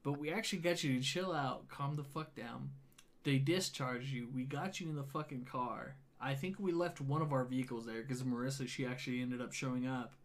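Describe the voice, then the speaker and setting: A man's voice: mid-range voice, brisk. A man casually retelling a wild night to a friend, swearing a lot and acting out quoted dialogue. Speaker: storyteller. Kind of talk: casual storytelling chat.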